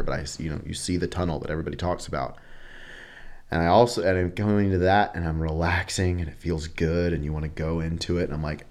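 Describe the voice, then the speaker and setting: Deep-voiced man telling a candid story. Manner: animated, acts out quotes, swears casually. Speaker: guest.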